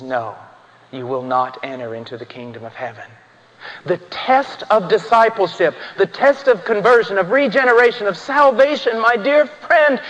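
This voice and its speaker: A man preaching an impassioned sermon, swinging from hushed, solemn passages to ringing, shouted emphasis. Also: on the high side. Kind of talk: fiery sermon. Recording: dull sound in a reverberant church hall.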